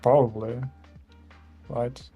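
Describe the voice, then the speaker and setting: A man's voice: medium pitch, steady tone, takes it slowly, creaky, husky, narrow, tinny audio, faint music behind. A young Austrian man with an Austrian German accent, chatting casually with viewers while he draws on a stream, rambling and chuckling as he reads out chat. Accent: German-speaking Austrian. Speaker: art streamer.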